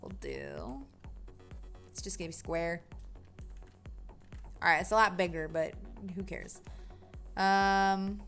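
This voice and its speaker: A young woman chatting casually while building a game on a livestream, talking to her chat, often correcting herself and brightening with sudden excitement. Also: fairly low pitch, takes it slowly, pauses often, soft background music. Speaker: game dev streamer.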